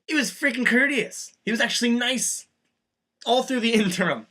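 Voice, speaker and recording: A man's voice: extremely high pitch, moderate pace, bright, forceful tone. A man vlogger telling a profane, sarcastic rant story about a customer. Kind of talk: ranting storytelling vlog.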